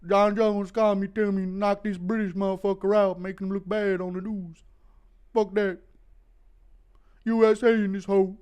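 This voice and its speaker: A man's voice: sits high, little pitch movement, normal speed, darkish tone, clear, resonant tone, pitched above the performer's own voice, lightly acted. A man doing a brash, boastful voice of a heavyweight fighter after a knockout.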